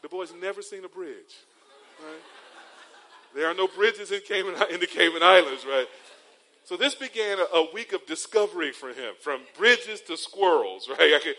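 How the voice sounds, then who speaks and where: A male pastor delivers a sermon with a somewhat high voice. He is from North Carolina and weaves stories into his preaching, tossing in rhetorical tags and calling the congregation beloved. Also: animated, normal speed, pushed and bright, poor audio. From North Carolina, USA.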